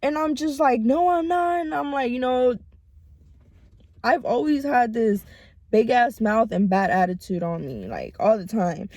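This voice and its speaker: A young woman vlogger casually telling a story from her past, swearing a lot and rambling in an animated way. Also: on the high side, a little slow, no room sound. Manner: profane, rambling, animated retelling. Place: home.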